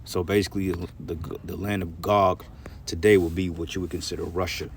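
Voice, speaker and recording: A man's voice: deep voice, level tone, fairly quick, slight background noise. A man in his thirties giving casual, rambling bible prophecy teaching, reading scripture aloud and cursing now and then.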